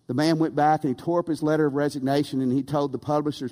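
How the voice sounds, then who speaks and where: A man preaching a sermon, animated and rhetorical, asking the congregation for amens. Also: a little high, quick pace, few pauses. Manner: animated, rhetorical, calls for amen. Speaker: pastor. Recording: long reverb of a church hall.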